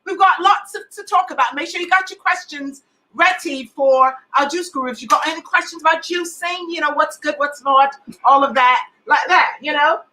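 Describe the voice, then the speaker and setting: A high, bright-voiced woman co-hosting a relaxed talk show. She chatters with eager excitement and lets sentences trail off. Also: normal speed, poor audio. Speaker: co-host. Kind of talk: casual chat.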